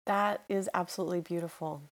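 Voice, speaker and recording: A woman's voice: lowish voice, fairly even intonation, fairly quick. A woman hosting an interview podcast, responding in an affirming way and often repeating words as she talks. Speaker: podcast host.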